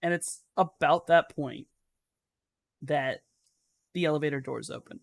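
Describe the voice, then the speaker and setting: A man's voice: on the high side, measured pace, creaky, no room sound, studio quality. A man running a tabletop game, narrating scenes in a loose, conversational way. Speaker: game master.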